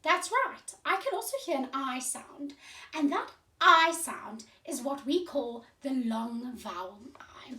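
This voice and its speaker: A woman teaching a phonics lesson to young children in a slow, clear teacherly voice, sounding out letters, heard from a distance in a roomy space. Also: high-pitched, expressive, sharp tone. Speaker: primary school teacher.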